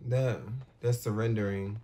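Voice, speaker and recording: A man giving casual, expressive commentary as he reacts out loud to a war movie. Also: lowish voice, unhurried, very noisy. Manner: expressive, talks back at the screen. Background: war film soundtrack playing.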